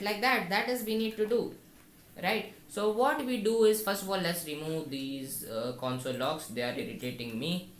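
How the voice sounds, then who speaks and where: Speaking at a normal speed in a mid-range, fairly bright voice, a woman guides viewers through code step by step in a screen-recorded tutorial, thinking aloud. The recording has an echoey room, faint noise and typing on a keyboard.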